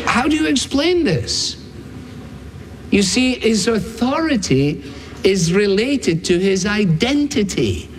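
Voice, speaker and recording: A man's voice: high-pitched, a little hiss or hum. A man preaching a sermon in an emphatic style, building his points through repeated phrases. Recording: long reverb of a large hall.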